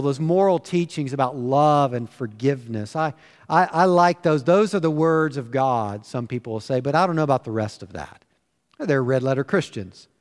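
A man preaching a sermon as pastor in his church, emphatic and full of rhetorical questions. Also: sits high. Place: church sanctuary. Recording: long church reverb.

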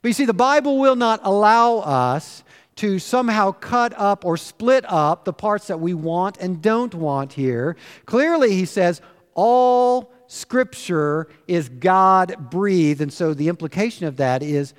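A man's voice: high-pitched, lively intonation, measured pace, smooth. A man preaching a sermon as pastor in his church, emphatic and full of rhetorical questions. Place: church sanctuary. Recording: long church reverb.

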